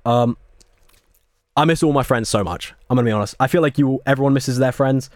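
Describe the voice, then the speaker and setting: A man's voice: mid-range voice, brisk, a little mellow, no room sound. A young man hosting his first radio music show alone in a small studio, chatty and rambling, with self-deprecating asides. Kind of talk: casual radio show intro.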